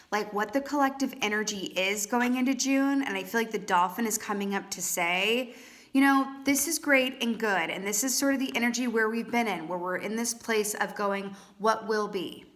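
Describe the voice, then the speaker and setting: A woman's voice: on the high side, moderate pace, a bit bright. Woman tarot reader, casual and playful, talks straight to the viewer with lots of asides. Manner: chatty, playful, with frequent "right?" asides. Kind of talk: casual tarot reading monologue.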